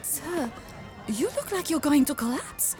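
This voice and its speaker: A woman's voice: high-pitched, expressive, measured pace, music in the background. An actress playing a fussy, proper woman who helps a stranger, formal and flustered in an audio drama.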